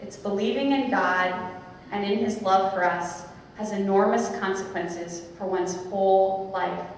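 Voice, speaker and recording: A young woman, a Dominican sister, telling her personal conversion story as an animated storyteller who acts out the voices she quotes. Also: mid-range voice, a little slow, slight background noise. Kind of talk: personal testimony talk. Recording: echoey hall, far from the mic.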